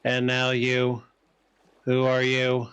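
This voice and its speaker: A weary, disdainful ancient insect god from a video game speaks in a flat, unhurried voice, read aloud by a man. The tone stays smooth and clear, with pitch at an ordinary middle level. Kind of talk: reading a game character's lines aloud.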